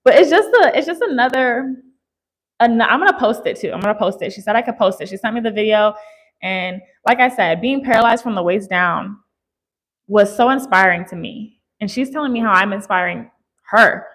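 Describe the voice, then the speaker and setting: A woman's voice: medium pitch, lively intonation, normal speed, fairly bright tone, poor audio. A woman, a fitness creator talking candidly and directly to her viewers in a casual motivational chat. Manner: candid, talks straight to viewers.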